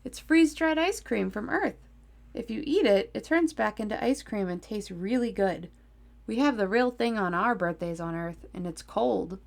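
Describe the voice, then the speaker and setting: A kindly male astronaut from a children's story, read aloud by a woman. He sounds cheerful and plain-spoken, with a gravelly edge. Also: mid-range voice, animated, moderate pace.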